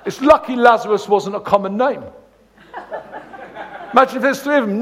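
A man's voice: very high-pitched, moderate pace, pauses often, big-room sound. A man giving a sermon as a guest preacher, telling funny stories between points of scripture. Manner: jokey, storytelling, animated asides. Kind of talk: sermon with humorous anecdotes.

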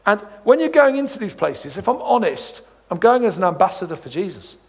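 Guy preaching, kinda high voice, cracks jokes and tells little stories. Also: brisk, big-room sound. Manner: jokey, storytelling, animated asides. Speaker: guest preacher. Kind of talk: sermon with humorous anecdotes.

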